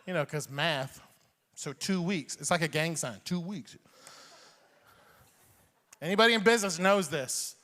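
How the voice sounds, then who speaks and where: Animated high-voiced stand-up comedian, man. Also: unhurried, pauses often, slight background noise. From Iran. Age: 40s. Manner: animated, chuckles at own jokes. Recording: long hall reverb on stage.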